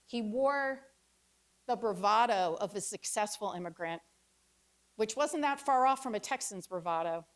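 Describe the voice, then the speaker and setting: Woman in her fifties, essay reading, wry, reflective, measured pauses, mid pitch. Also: lively intonation. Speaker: author giving a reading. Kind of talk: performed personal essay reading.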